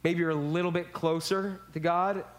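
Man, pastor, high-pitched voice, conversational sermon, plays out quoted lines. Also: flat delivery, moderate pace.

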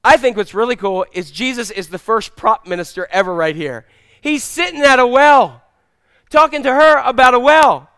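A male pastor preaching a sermon, telling stories in an animated way and acting out the characters. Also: very high-pitched, normal speed, clean tone, dry recording, studio quality. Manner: animated storytelling, acts out characters.

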